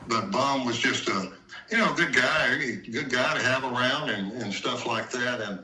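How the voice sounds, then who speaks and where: A man's voice: mid-range voice, measured pace, pushed and bright. An older man, a retired football player, telling folksy stories in an interview and retelling old talks as quoted dialogue. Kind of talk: anecdotal storytelling in conversation. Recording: roomy echo, distant from mic.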